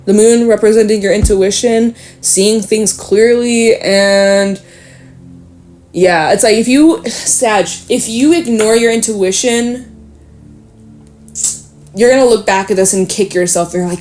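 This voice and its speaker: A woman giving a casual tarot reading, talking straight to the listener, chatty and swearing freely, animated at times. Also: medium pitch, unhurried, faint music behind. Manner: animated, with sudden laughs and exclamations. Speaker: tarot reader.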